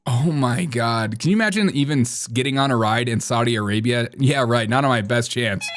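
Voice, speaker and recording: A man's voice: medium pitch, a little fast, noisy background. Sarcastic male live-stream host. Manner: sarcastic, jokey asides. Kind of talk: comedic live-stream commentary.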